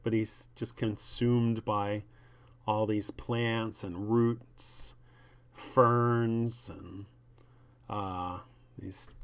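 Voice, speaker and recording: A man reading aloud from a comic and commenting on it in a slow, musing way. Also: lowish voice, clear, resonant tone. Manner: slow, musing, with ums and asides. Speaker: comics reviewer.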